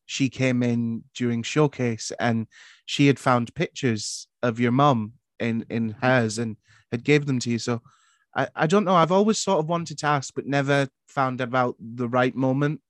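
A young man, hosting a casual podcast chat and asking gentle questions with frequent restarts. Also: medium pitch, moderate pace, dry recording. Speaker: podcast host.

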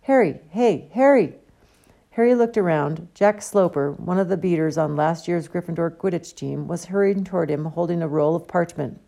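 A woman reading a novel aloud as an audiobook, with steady storytelling delivery. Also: on the low side, moderate pace, creaky, few pauses. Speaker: audiobook reader. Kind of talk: audiobook narration.

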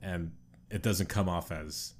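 A man with a fairly low voice talking through an idea on a podcast. He rambles and restarts as he works things out, keeping the tone easygoing and conversational. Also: steady tone, a little slow. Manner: reflective, rambling explainer with frequent restarts. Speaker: podcast co-host. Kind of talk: casual chat.

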